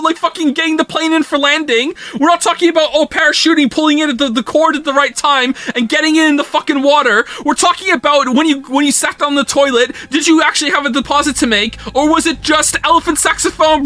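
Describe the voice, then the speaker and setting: A man's voice: extremely high pitch, fast, hardly any pauses, sharp tone. A man live-streaming a game, ranting at his chat in a casual, profane, incredulous way.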